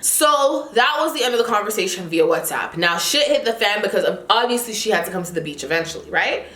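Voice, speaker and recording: A woman's voice: mid-range voice, lively intonation, brisk, a bit bright. A young woman vlogger telling a heated, indignant story in a casual way. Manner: heated, indignant retelling with quoted dialogue. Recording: echoey room.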